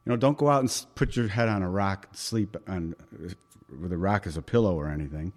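A man's voice: low voice, brisk. A male pastor preaching a sermon at an evening church service, emphatic and repeating key phrases, with occasional chuckles.

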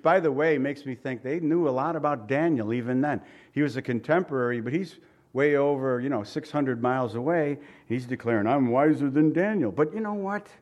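A pastor with a medium-pitched voice preaches a conversational sermon. He poses rhetorical questions to the congregation and reads scripture aloud slowly and emphatically.

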